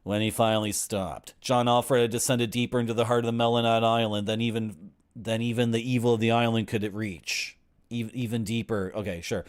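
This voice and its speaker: A man's voice: mid-range voice, little pitch movement, fairly quick. A man in his forties who streams games, reading the story text aloud and breaking off for wry, griping asides. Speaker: game streamer.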